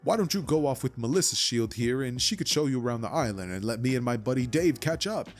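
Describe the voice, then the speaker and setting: A man's voice: medium pitch, animated, fast talker, soft background music, close to an everyday voice. A man voicing a jovial adult hero who teases his young student in a hearty way. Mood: teasing. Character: jovial grown man hero, teasing mentor.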